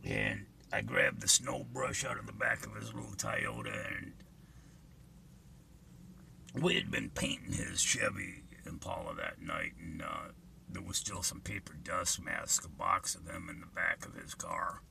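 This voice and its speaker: A man's voice: low-pitched, huge pitch swings, unhurried, gravelly, background noise. An older man telling a vivid, profane personal story in an earnest way.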